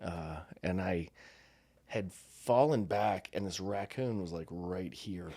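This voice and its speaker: A man's voice: deep voice, takes it slowly, gravelly, dark tone, no room sound. A middle-aged man, a former Marine, co-hosting a podcast and telling stories casually, laughing often. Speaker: podcast co-host. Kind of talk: casual storytelling chat.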